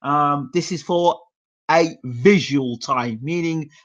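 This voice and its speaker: Man in his forties, somewhat high voice, casual storytelling monologue, animated, dull lo-fi sound. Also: slow. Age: 40s. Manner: animated, acts out his dad's voice in quoted lines. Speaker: boxing channel host.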